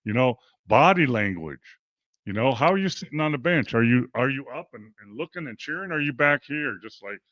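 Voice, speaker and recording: A man's voice: mid-range voice, brisk, no room sound, lo-fi sound. An older man, a basketball coach and former pro player, talking in a casual interview and acting out quotes as he tells stories. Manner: animated storytelling, acts out quotes.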